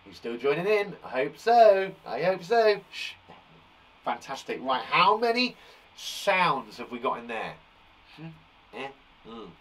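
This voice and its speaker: A man from England leading a live phonics lesson for young children, sounding out words slowly with a blocked nose and an encouraging manner. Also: fairly high pitch, big pitch swings, a bit bright. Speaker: primary school teacher.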